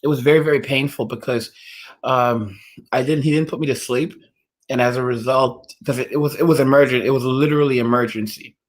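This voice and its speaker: A man hosting a casual livestream, answering his chat in a rambling way with many fillers and restarts. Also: mid-range voice. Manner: rambling, heavy use of "like" and restarts. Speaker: livestream host reading chat.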